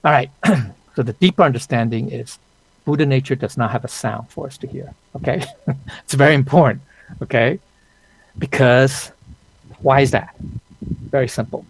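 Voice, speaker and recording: A man's voice: mid-range voice, moderate pace, gravelly, pauses often, slightly rough, dry recording, rough recording. A man teaching an online Dao study class in a conversational lecture, often checking in with his listeners. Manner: conversational, checks in with "okay?" and "right?"; frequent restarts and fillers.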